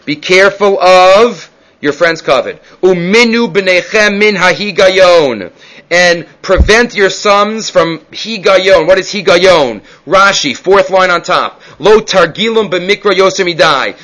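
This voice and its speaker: High-voiced man teaching Talmud. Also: unhurried, fairly bright tone, poor audio. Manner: reads each Hebrew and Aramaic phrase, then translates it in casual English. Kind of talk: Gemara class, translating and explaining.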